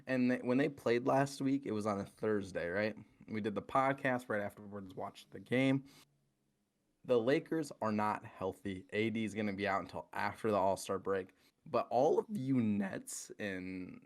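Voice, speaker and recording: A man co-hosting a casual podcast, ranting in a heated, profane way about basketball teams. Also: mid-range voice. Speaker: podcast co-host. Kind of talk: casual sports chat.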